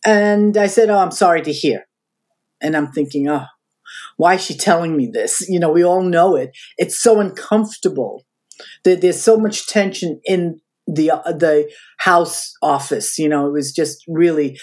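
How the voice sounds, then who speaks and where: Speaking at a moderate pace in a voice that sits low, an older woman recounts past events as a guest on a podcast. Her interview storytelling is animated, and she performs the voices of anyone she quotes.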